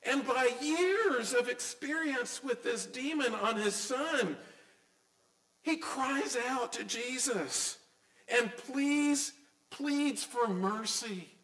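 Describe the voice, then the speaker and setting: A man's voice: extremely high pitch, drawn-out words, a bit bright, reverberant, low-quality recording. A middle-aged man preaching a sermon as a pastor, earnest and emphatic, with many rhetorical questions.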